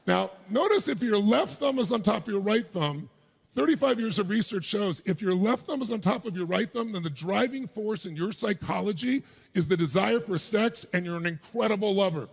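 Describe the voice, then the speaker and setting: A middle-aged man speaking as a motivational speaker at a live keynote, loudly firing up the audience. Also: sits high, expressive, moderate pace, gravelly, breathy edge. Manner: loud, crowd-rousing, hype-driving, shouting bursts. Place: large conference stage before a live audience.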